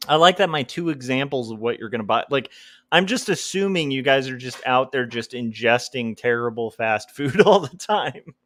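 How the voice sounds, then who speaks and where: A man's voice: medium pitch, animated, normal speed, a bit bright, dry recording. A man chatting casually on his live stream while he draws, rambling and making jokes at his own expense. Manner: rambling, self-deprecating, joking. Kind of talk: casual livestream chat.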